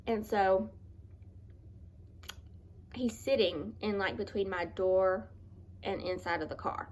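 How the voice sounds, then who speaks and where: Woman telling a hard story, halting. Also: medium pitch, darkish tone. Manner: earnest, halting confessional storytelling. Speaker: vlogger. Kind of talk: personal storytime vlog.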